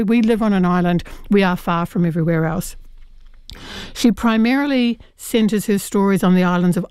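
A woman's voice: medium pitch, darkish tone, smooth, no echo, studio quality. A woman reviewing a short story collection in an earnest, chatty way, with many fillers and restarts. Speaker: book reviewer. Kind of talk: radio book review chat.

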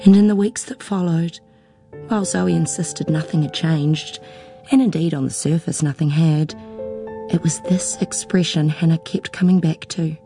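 A woman reading a novel aloud in a measured storytelling voice. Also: lowish voice. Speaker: audiobook narrator. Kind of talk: scripted narration.

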